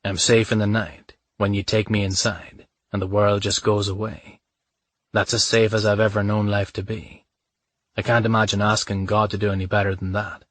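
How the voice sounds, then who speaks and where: Calm, tender Irish lover, read by a male narrator, low and steady. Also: moderate pace, dry recording. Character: reckless, tender Irish man, calm and reassuring.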